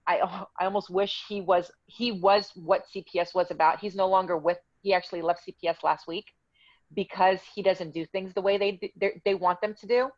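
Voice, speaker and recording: A woman's voice: mid-range voice, steady tone, brisk, no room sound, highs cut off. A woman telling her own story in a casual interview, heated and indignant as she recounts dialogue.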